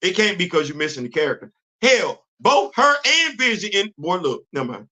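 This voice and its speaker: A man's voice: high voice, sing-song, a little fast, pushed and bright. A man hosting his own show, ranting in casual, emphatic, slangy commentary. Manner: emphatic, exasperated, loose slangy talk. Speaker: podcast host.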